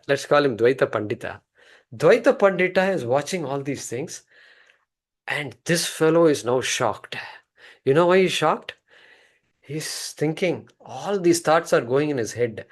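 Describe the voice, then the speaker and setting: A man teaching a scripture class through an animated, repetitive story. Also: a little high.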